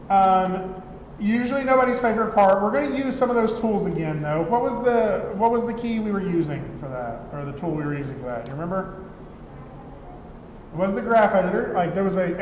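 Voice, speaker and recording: A man instructor giving a conversational classroom software lecture, checking in with his students as he works. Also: high-pitched, a little fast, a little hiss or hum. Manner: conversational, checks in with "right?" often. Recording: roomy classroom, dull lo-fi sound.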